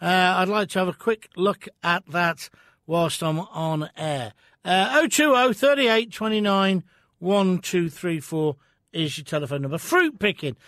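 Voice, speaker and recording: A blunt, opinionated man runs a phone-in radio show from the studio. His voice sits very high for a man. The studio sound is dry and close. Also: fairly bright tone, no echo. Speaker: radio talk show host.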